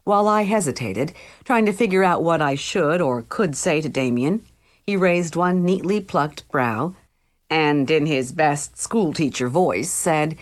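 A woman's voice: low voice, animated, unhurried. A woman reading a first-person novel aloud as an audiobook narrator, in a wry, conversational storytelling manner.

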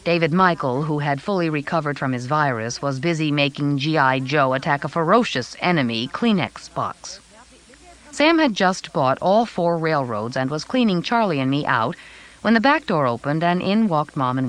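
A woman's voice: low voice, animated, normal speed, low-quality recording. A woman narrating a children's chapter book in first person, reading aloud expressively. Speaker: audiobook narrator.

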